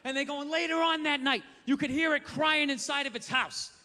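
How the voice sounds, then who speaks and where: A man from the USA does an exasperated, profane stand-up rant in a very high, forceful voice. His voice rings with a long hall reverb and faint room noise. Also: steady tone, brisk. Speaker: stand-up comedian. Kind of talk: stand-up comedy.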